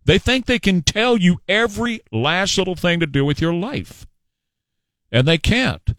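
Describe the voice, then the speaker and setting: A man's voice: high voice, lively intonation, a little slow, fairly bright tone, no room sound. A man hosting talk radio, combative and sarcastic in his commentary. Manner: combative and sarcastic, mocking voices of others.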